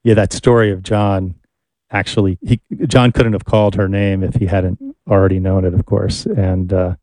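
A man's voice: low-pitched, flat delivery, normal speed, dark tone, dry recording. A man hosting an interview, asking questions in a thoughtful, hesitant way. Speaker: interview host.

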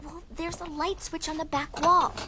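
A woman's voice: very high-pitched, little pitch movement, moderate pace, pushed and bright, slight background noise. A woman voicing a brave, bossy girl sleuth in an audio drama. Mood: determined. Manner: firm, no-nonsense. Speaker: narrator.

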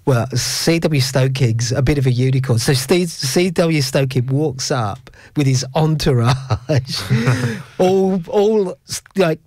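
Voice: mid-range voice, lively intonation, takes it slowly, darkish tone, dry recording. A radio host in casual chat, rambling and giggling through stories.

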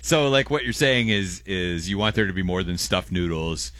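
Radio co-host guy, low voice, swoops up and down a lot, lots of restarts, dry booth. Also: expressive, moderate pace, fairly bright tone, no echo. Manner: rambling, stammers and restarts, laughs often. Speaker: radio show co-host reading listener messages. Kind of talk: casual radio banter.

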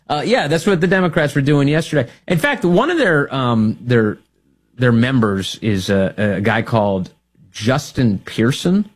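A man's voice: medium pitch, lively intonation, moderate pace. A man hosting a talk radio show, delivering sarcastic political commentary and laughing at his own jokes. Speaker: radio host.

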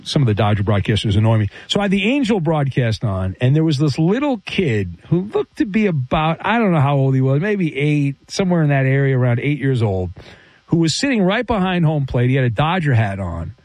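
An animated male sports radio host with a high, lively voice that swings up and down as he rambles through opinions and stories. The sound is close and dry, with no room around it. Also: no room sound.

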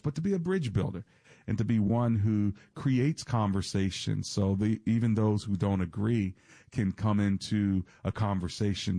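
A man's voice: sits low, vocal fry, dark tone, no room sound. A man hosting a Christian radio talk show, speaking earnestly in a preacherly way and reading scripture in a studio. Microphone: studio microphone.

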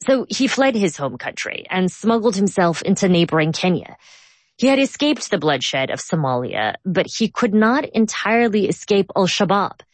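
A woman hosting a news podcast, narrating a scripted story in a measured, clear way and interviewing a guest. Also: medium pitch, expressive, dry recording. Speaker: host.

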